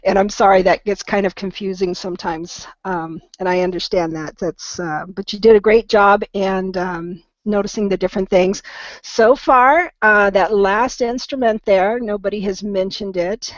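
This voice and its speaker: A patient woman teaches English online, slowing down to model each word with gentle encouragement. The recording is dry and close, with a slightly dull, lo-fi tone. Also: medium pitch, steady tone, dry recording. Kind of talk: online pronunciation lesson.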